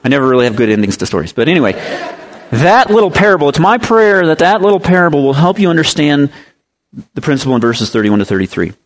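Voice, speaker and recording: A man preaching a sermon, telling a lively parable and explaining scripture, with animated rises in pitch for emphasis. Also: fast talker. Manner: explains Greek word meanings. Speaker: pastor. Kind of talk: sermon with storytelling.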